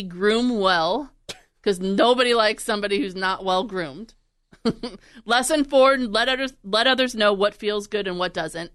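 Chatty woman host, smooth clear voice on a dry close mic. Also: medium pitch, fairly bright tone, dry recording. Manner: chatty, laughing, quick to act out animals. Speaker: podcast host and radio producer. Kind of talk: casual chat.

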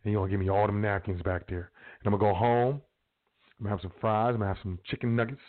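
A fast-talking man from Chicago's South Side hosts his own show, wandering loosely through slang-filled casual advice. His voice is a bit low and his tone steady. The sound is boxy and thin, like it's coming over a phone.

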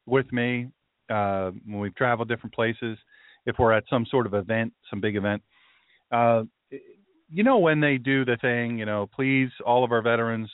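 A man's voice: medium pitch, dry recording. A man hosting a faith and politics show as a pastor, talking in a rambling monologue full of asides. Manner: rambling, with conversational asides and restarts. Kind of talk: casual podcast monologue. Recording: dry, phone-like narrow sound.

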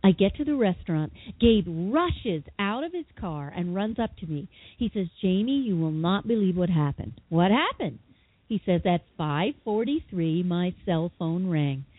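A husky-voiced woman recounts a personal story as an interview guest, acting out what each person said with dramatic flair. She comes through a tinny phone line with a dry, close sound. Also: medium pitch, normal speed, no echo. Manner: lively, dramatic retelling with quoted voices. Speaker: guest, psychotherapist and author.

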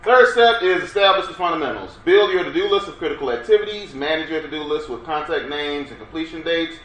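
A man's voice: a little high, quick pace. A man presenting an interactive workshop lecture with energy, urging the audience to answer. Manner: energetic, coaxes audience to respond. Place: workshop room. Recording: roomy room sound, faint background noise.

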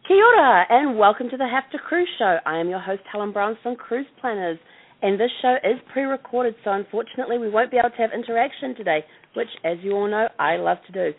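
A woman's voice: a little high, animated, fast. New Zealand woman hosting over a phone line. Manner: chatty, enthusiastic. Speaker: host. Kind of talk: podcast interview.

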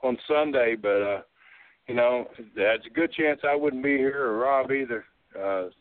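A man's voice: mid-range voice, unhurried, no echo. A man, a former wrestler telling folksy stories in casual chat. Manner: drawling, folksy, laughs while telling stories. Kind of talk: casual storytelling. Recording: tinny phone-like line, dry.

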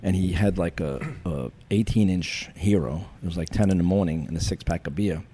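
A retired police chief spins deadpan anecdotes full of cop jargon in an interview. His voice sits very low, with a soft, mellow tone. A faint hum of background noise runs beneath him. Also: fairly quick. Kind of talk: storytelling in a podcast interview.

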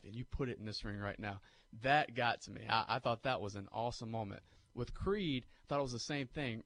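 A man co-hosting a sports radio show, telling movie scenes in a lively, animated way. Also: mid-range voice, slight background noise. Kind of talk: casual sports talk.

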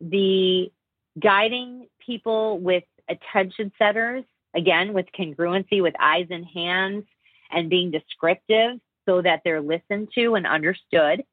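A woman's voice: lowish voice, measured pace, no room sound. A woman communication trainer talking in an interview, explaining her points at length and demonstrating different tones of voice. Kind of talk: conversational interview. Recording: dry, phone-like call audio.

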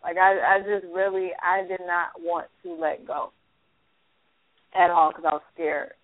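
A woman co-hosting a faith-based advice radio show. She speaks softly and candidly while reflecting on her own past. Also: fairly low pitch, fairly even intonation, unhurried, dry recording. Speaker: radio co-host. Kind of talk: personal sharing on talk radio. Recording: dry, tinny phone-like radio audio.

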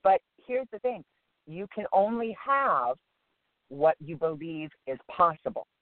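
An earnest man with a slightly high voice, talking on a spiritual radio interview. He sounds tinny and thin, like a phone call, and the sound is dry and close. He is emphatic and repeats key phrases to stress them. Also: very animated, a little slow, no echo. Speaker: guest.

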